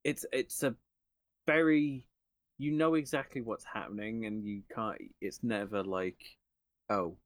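A man co-hosting a casual film review podcast, animated and quick to laugh. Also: medium pitch, no room sound. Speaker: podcast co-host.

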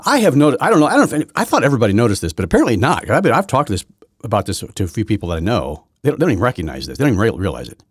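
A man hosting his own podcast from his basement, rambling through a political rant that swings from loud outbursts to low muttering, with many restarts. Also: wildly swooping pitch, rapid-fire, slightly rough, no echo, clean studio sound. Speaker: podcast host. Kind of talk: solo political commentary rant. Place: home basement.

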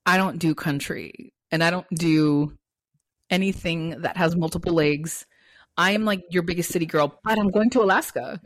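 Playful low-voiced woman podcaster. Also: moderate pace, no echo, clean studio sound. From Los Angeles, United States. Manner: playful, dramatic, emphatic. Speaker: podcast co-host, travel advisor. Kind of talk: casual chat.

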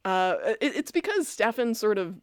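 A woman's voice: mid-range voice, big pitch swings, moderate pace, clear, resonant tone, no echo, clean studio sound. A young adult woman co-hosting a podcast, casually recapping an episode and acting out characters' lines in put-on voices. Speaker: podcast co-host.

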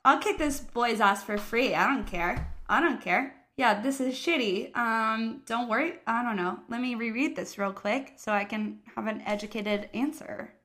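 A woman co-hosting a casual podcast, giggly and emphatic, quick to agree and react. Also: on the high side, a bit bright. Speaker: podcast co-host.

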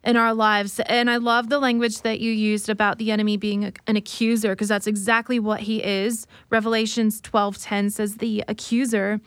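A woman's voice: medium pitch, level tone, normal speed, hardly any pauses, dry recording. A woman who leads worship, speaking earnestly and reflectively in a faith conversation, sometimes acting out remembered dialogue. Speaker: worship leader.

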